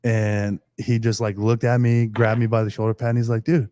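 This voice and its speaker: A man, a football player guest, chatting casually on a podcast and telling animated stories. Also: on the low side, fairly quick, clear, resonant tone, no echo, clean studio sound. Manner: animated storytelling with acted-out quotes. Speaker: pro football long snapper guest.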